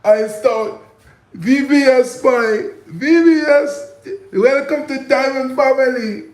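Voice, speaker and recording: A man doing an impression of an eager, over-polite male jeweler, thanking customers in a high sing-song voice. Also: slow pace, reverberant. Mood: effusive.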